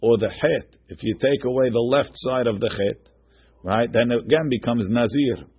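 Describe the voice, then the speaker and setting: A man's voice: mid-range voice, moderate pace, breathy edge, lo-fi sound. A man teaching a text-study class, reading each line aloud, then translating and explaining it with frequent restarts. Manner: repeats and restarts words while explaining. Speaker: Talmud teacher.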